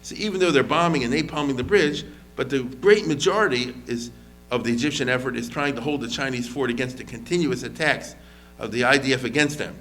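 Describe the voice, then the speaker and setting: A man's voice: medium pitch, a little fast, hardly any pauses. Conversational man lecturing on history. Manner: conversational, lively quoted voices, frequent fillers and restarts.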